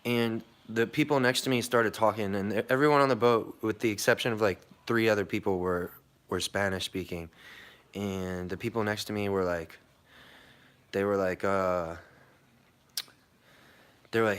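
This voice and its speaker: A man's voice: fairly low pitch, steady tone, moderate pace, long pauses, a bit bright, smooth. A young American man telling a long story in a casual vlog, rambling and swearing, with many fillers and restarts. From United States. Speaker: vlogger.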